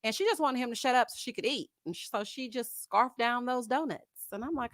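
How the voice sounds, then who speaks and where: A woman's voice: on the high side, brisk, few pauses, no echo. Gossipy woman streamer, dry mic. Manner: gossipy, animated, laughs often, uses Southern US slang. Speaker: host of a live chat stream. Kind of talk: casual chat reading viewer comments.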